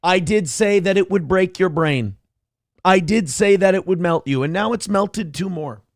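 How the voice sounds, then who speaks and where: A man's voice: high-pitched, moderate pace, no echo. A man hosting a livestream, giving a sarcastic, boastful, mock-solemn monologue into a close studio mic. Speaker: radio host streaming.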